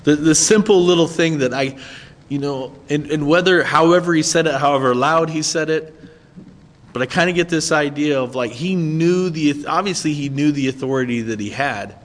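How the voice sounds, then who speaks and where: A man's voice: on the high side, normal speed, big-room sound. A man preaching a sermon in a conversational way, often checking in with his listeners. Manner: conversational, asks listeners "right?". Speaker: pastor.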